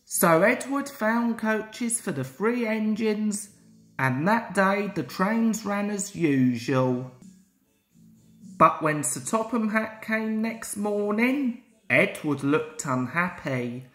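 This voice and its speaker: Slow, lively storybook reader, woman. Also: medium pitch, faint music behind. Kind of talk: storybook read-aloud. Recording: roomy echo.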